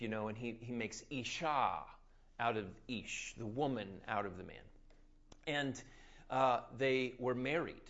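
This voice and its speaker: A man preaching a sermon, retelling scripture as a lively story and acting out the scenes. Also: mid-range voice, highs cut off. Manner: animated storyteller, acts out scenes.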